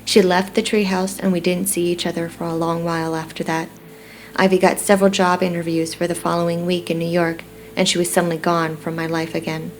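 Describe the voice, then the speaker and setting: A woman narrating a first-person romance audiobook in a steady, reflective storytelling manner. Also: on the low side, brisk, slight background noise.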